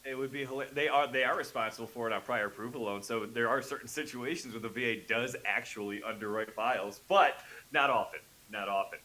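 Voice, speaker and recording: Lively self-deprecating man, bright voice. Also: medium pitch, quick pace, hardly any pauses, rough recording. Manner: animated, self-deprecating, laughs often. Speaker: VA loan specialist guest. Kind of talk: casual radio chat.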